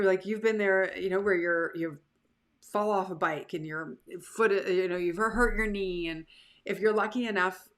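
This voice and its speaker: This woman hosts a live motivational show, chatting casually and animatedly with her online audience. Her voice sits on the low side with a bit of brightness.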